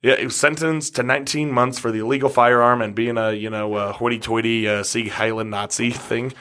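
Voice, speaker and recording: A man's voice: medium pitch, fairly even intonation, fairly quick, pushed and bright. A man hosting a podcast in a recording studio, reading out odd news stories with crude, sarcastic asides and lots of swearing. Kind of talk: casual podcast chat.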